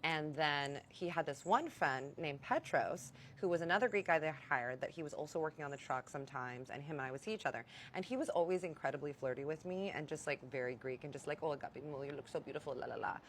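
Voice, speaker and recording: A young woman recounts her own story in a low-pitched, confiding voice. She is blunt and swears casually, as if speaking straight to friends. A faint ambient hum sits under her voice. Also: expressive, quick pace, hardly any pauses. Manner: candid, profane, confiding. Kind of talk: storytime vlog.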